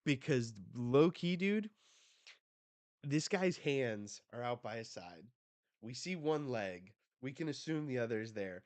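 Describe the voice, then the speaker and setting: Male reaction host, casual and swearing, unhurried delivery, clean close sound. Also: mid-range voice, no echo. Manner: excitable, swears a lot, casual slang. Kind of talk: live reading and reaction commentary.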